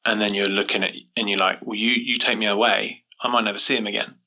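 A podcast host with a low, sharply bright voice. He talks in a measured, reflective way, thinking out loud as he sums up what his guest went through. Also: flat delivery, rough recording. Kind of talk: casual interview chat.

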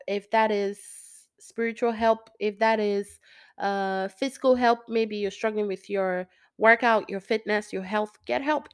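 A young woman talking casually to listeners about faith, rambling and correcting herself, sometimes dropping to a near-whisper. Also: mid-range voice. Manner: rambling, self-correcting, laughs often, drops to near-whisper. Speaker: Christian speaker.

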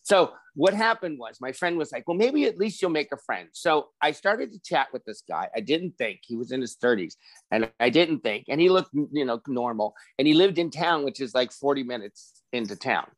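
A man around sixty hosting a casual podcast chat, telling a long personal story in an animated way and acting out what other people said. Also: medium pitch, moderate pace, dry recording. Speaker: podcast host.

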